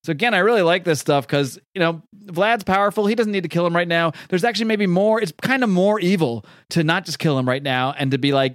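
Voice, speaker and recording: A young man reviewing comics in casual, animated talk, swearing and laughing often. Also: sits high, quick pace, no room sound, studio quality.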